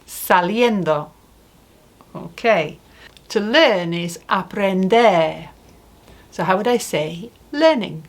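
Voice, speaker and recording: A Spanish teacher with an animated, mid-range voice gives a spoken language lesson at an unhurried, deliberate pace. She patiently poses questions and models each phrase for the listener.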